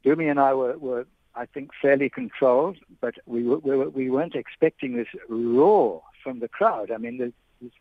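A guest on a radio show, an older veteran sports broadcaster, calls in to reminisce in a mid-range voice pinched by the phone line. He speaks hesitantly, doubling back and restarting sentences often. Close and dry, the audio has no room sound.

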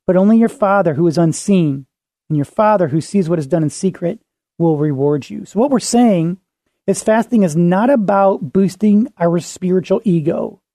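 Guy pastor doing a podcast teaching, earnest, reads scripture, warm mellow tone, dry close mic. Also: sits high, normal speed, no echo. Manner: earnest, emphatic repetition.

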